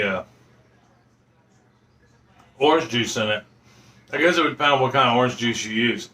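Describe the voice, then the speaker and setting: A man's voice: medium pitch, bright, forceful tone. A man chatting casually in his home kitchen as he tastes the dish he cooked, rambling with lots of ums and uhs. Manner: rambling, filler-heavy, folksy. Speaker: home cooking vlogger. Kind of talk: casual cooking vlog chat.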